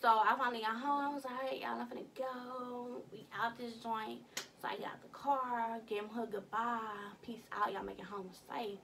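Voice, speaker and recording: A young woman vlogging from her bedroom, telling a story in an animated, slangy way with some cussing. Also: on the high side, moderate pace, creaky, distant mic, a little hiss or hum. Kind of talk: casual storytime vlog.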